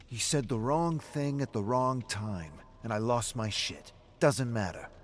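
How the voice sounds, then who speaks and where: A man voicing a hot-tempered, defensive drunk brawler who talks in gruff, curt bursts. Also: medium pitch, a little slow, slight background noise, pitched above the performer's own voice, close to an everyday voice. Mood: dismissive.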